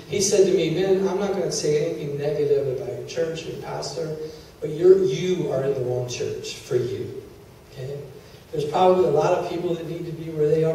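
A man preaching a personal testimony, his mellow voice carrying through a big echoey hall. He sits fairly high for a man and is picked up from a distance. He tells his story with feeling, acting out the dialogue. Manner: emotional storytelling, quoting God and others in dialogue. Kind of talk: sermon testimony. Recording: very echoey hall, distant mic, faint hiss.

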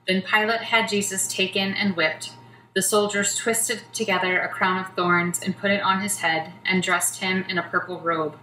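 Woman scripture narrator, bright tone, lower pitch, far mic in a roomy church. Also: steady tone, normal speed. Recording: roomy church from a distance, faint noise.

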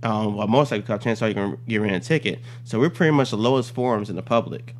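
A man's voice: lowish voice, quick pace, slight background noise. A man telling a comic, profane story on a casual podcast. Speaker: storyteller guest.

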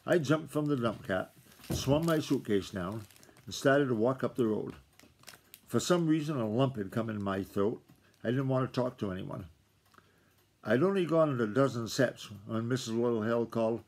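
A father reads a novel aloud to his kids, telling the story in a plain, unhurried way. His voice sits at an average pitch for a man, and it sounds like a simple recording made at home. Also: a little mellow. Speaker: father reading to his children.

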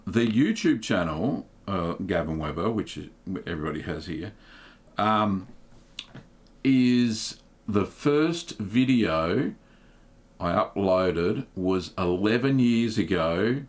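A middle-aged man, hosting a casual livestream in a relaxed, chatty way, with plenty of ums and uhs. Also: fairly low pitch. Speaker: livestream host.

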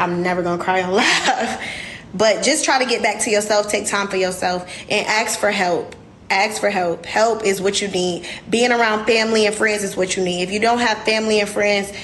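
A woman's voice: mid-range voice, a bit bright, slight background noise. Candid woman chatting on a livestream. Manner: candid, emotional, addresses viewers as y'all. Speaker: livestream host. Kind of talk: casual livestream chat.

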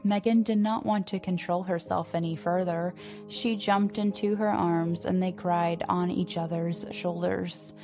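Woman audiobook narrator, steady delivery, lowish mellow voice. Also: measured pace, faint music behind. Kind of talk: scripted narration.

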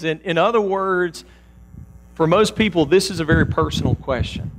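High-voiced preacher giving a halting sermon. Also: male voice, a little hiss or hum. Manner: halting, repeats words, earnest. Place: church sanctuary.

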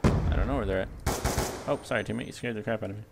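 A young man giving live gameplay commentary as a video host, excitable and yelping at sudden action. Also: lowish voice, rapid-fire, vocal fry, very noisy.

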